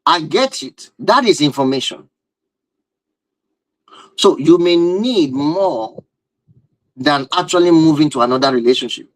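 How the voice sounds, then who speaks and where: A man's voice: a little high, animated, a little slow, pauses often, no echo, low-quality recording. A man giving a live-stream talk on relationships and marriage, emphatic and driving his points home with repeated rhetorical questions.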